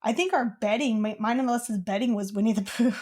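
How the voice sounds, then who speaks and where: A woman's voice: a little high, fairly quick, darkish tone, husky. A young woman co-hosting a podcast, telling a childhood story in casual chat, rambling with lots of "like.". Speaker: podcast co-host.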